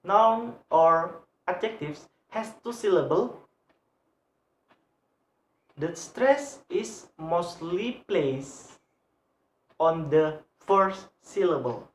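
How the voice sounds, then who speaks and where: A young woman with an Indonesian accent, a student presenting a lesson on English word stress, halting and repeating example words over and over. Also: on the low side, expressive. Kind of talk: slow read-aloud lesson on word stress. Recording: echoey room.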